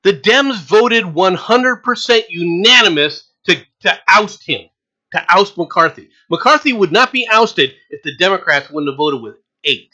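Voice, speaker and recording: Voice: medium pitch, expressive, unhurried, sharp tone, low-quality recording. A political commentator ranting in a sarcastic, mocking way, hammering points home with repetition and scornful laughter. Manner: emphatic, repeats points over and over.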